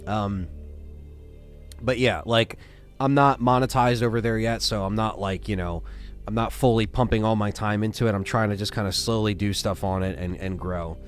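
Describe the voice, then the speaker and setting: A man's voice: on the low side, steady tone, moderate pace, faint music behind. A tired man casually chatting to viewers during a live stream, rambling with many fillers and restarts. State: tired, yawning.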